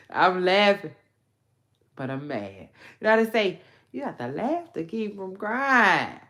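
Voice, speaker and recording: In an echoey room, a woman hosts a podcast and rants about celebrity news in a casual gossip monologue. Her medium-pitched, slightly bright voice is full of slang, and she sighs and laughs along the way.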